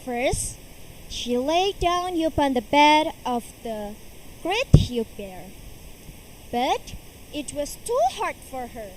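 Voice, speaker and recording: A woman's voice: sits high, a little hiss or hum, rough recording. A young woman, performing a fairy tale as a storytelling contestant at a school competition. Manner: slow, expressive storyteller's delivery.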